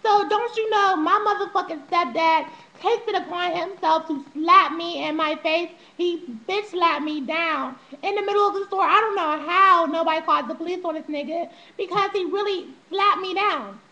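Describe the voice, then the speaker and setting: Talking straight to camera, a young vlogger tells her life story in a loose, profane style, at normal speed with few pauses. Her very high voice is bright and sharp, though the highs are cut off. She laughs a lot and breaks into animated impressions of people from her past.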